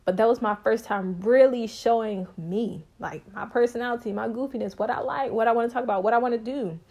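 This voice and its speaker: Speaking briskly in a recording with the highs cut off, a young woman relates her story on her own podcast. She's talkative, bubbly and casual, her expressive delivery punctuated by sudden jumps to a high pitch.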